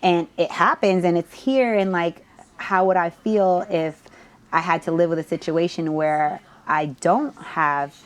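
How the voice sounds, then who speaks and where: A young woman from New Jersey, a podcast host, telling a personal story in lively, slangy casual chat. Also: on the low side, a little slow. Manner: animated storyteller, slangy, many "like" fillers.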